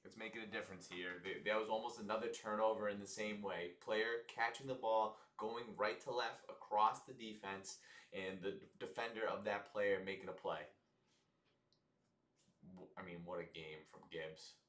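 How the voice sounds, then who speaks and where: A man with a fairly low voice talks through a live football game in a loose, chatty way, reacting to each play as it comes. His voice bounces around a roomy, echoey space. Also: steady tone, moderate pace, a bit bright. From United States. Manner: loose, chatty, reacting to plays, mock ad reads. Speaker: host of a live football watch-along stream.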